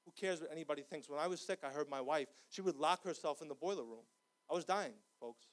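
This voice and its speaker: A man preaching. His voice sits high for a man, and he moves from fervent, shouted cries to hushed, earnest appeals. The delivery is passionate and unpolished. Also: quick pace. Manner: impassioned, rising to shouts. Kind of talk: sermon. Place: church.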